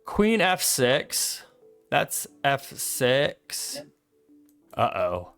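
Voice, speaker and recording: A man's voice: medium pitch, wildly swooping pitch, extremely slow, fairly bright tone, soft background music. A man casually calling out chess moves while replaying a game, joking, laughing often and swearing. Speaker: co-host reviewing his chess game. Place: streaming setup.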